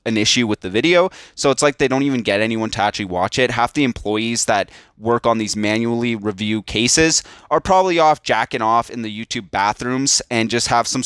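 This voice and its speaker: A young man ranting to his viewers in a casual, monotone and frustrated way. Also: on the low side, smooth, dry recording, clean studio sound. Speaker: YouTube commentator. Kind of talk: casual rant to camera.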